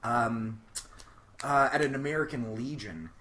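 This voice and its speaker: A man's voice: medium pitch, measured pace, pushed and bright, slight background noise. A young man, a stand-up comedian, telling stories on a podcast, acting out voices and swearing freely. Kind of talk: casual chat, comic storytelling.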